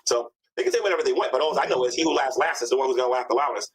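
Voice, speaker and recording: A man's voice: mid-range voice, very fast, husky, rough recording. A man hosting a casual livestream chat on an online call, joking and laughing often.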